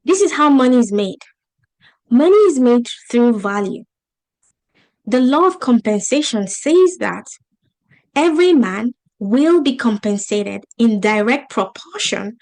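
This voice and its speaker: Speaking unhurriedly in a slightly high, slightly mellow and animated voice, a woman business coach with a non-native English accent runs a webinar on a video call, motivating emphatically and asking the audience rhetorical questions.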